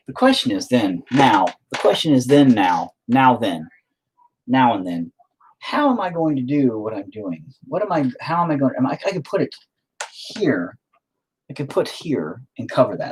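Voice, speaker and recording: A man's voice: medium pitch, a little mellow, slight background noise. A man chatting casually while he paints, rambling, swearing often and talking to himself. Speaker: painting streamer.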